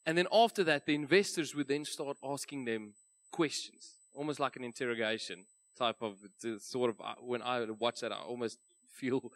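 South African pastor with a conversational delivery. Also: male voice, mid-range voice, a bit bright. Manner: conversational storytelling, light laughs. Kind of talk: sermon. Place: church.

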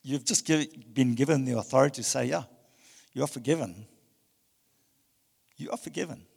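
A male pastor preaching a passionate sermon, swinging between loud emphasis and hushed tones. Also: mid-range voice, moderate pace, vocal fry, slightly rough, long reverb tail. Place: church hall.

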